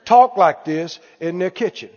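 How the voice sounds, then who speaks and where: A man preaching a lively sermon, calling out to the congregation and acting out anxious voices. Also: sits high, measured pace. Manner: animated, calls for responses, acts out worried voices. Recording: dull echoey hall recording.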